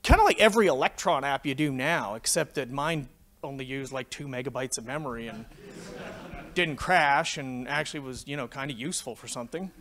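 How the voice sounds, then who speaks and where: At a fairly quick pace and medium pitch, a fortysomething Canadian man tells a tech story onstage at a conference. He swears freely and narrates with animation in this profanity-laden anecdotal talk.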